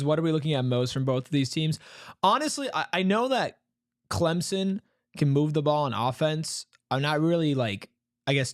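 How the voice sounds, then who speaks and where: A man co-hosting a live sports watch-along in casual chat, his pitch jumping up when he gets excited. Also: no echo, clean studio sound. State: chewing snacks while talking at times.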